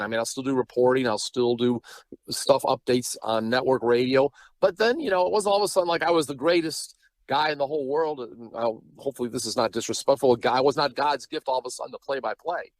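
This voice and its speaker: A man's voice: mid-range voice, lively intonation, quick pace, no echo, low-quality recording. A man from Chicago, a sports broadcaster being interviewed, who tells long, rambling stories with many asides. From Chicago, Illinois. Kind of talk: casual interview chat.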